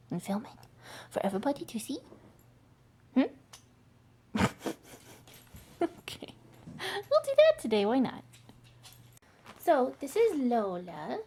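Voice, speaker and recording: A young woman vlogs casually while training her dog, chatting and heaping on bubbly, coaxing baby-talk praise. Her voice is a little high with a darkish tone, and there's a little hiss or hum in the audio.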